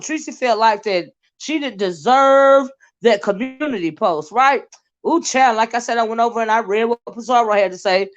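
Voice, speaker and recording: A woman hosting a casual livestream, chatting about online drama with lots of asides to her viewers. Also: fairly high pitch. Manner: chatty, animated, drawling asides. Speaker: YouTube commentary host. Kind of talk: casual livestream gossip commentary. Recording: dull lo-fi livestream audio.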